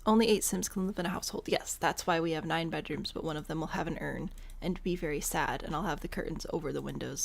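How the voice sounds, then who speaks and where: A woman's voice: low-pitched, fairly quick, vocal fry, breathy edge. A young woman giving casual, rambling gameplay commentary, thinking aloud and poking fun at herself. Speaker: gameplay host.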